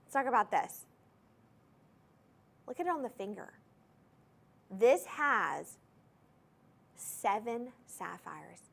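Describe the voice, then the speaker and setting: A woman hosting a shopping channel, gushing enthusiastically as she pitches jewelry straight to viewers in a TV studio. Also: a bit bright. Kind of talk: live TV jewelry sales pitch.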